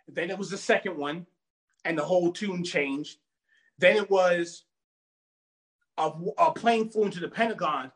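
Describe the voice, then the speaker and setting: A man from Virginia in a casual chat, telling stories in an animated, emphatic way. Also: sits high, normal speed. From Virginia, United States. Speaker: podcast guest.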